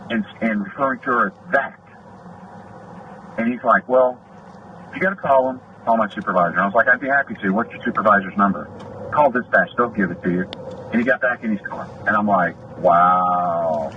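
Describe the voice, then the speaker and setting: A man's voice: medium pitch, distant mic. Aggrieved man retelling a roadside dispute. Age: middle-aged. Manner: aggrieved, indignant, acts out both sides of a quarrel. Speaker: off-duty deputy making a complaint. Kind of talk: heated retelling of a traffic stop. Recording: lo-fi dash cam audio with noise.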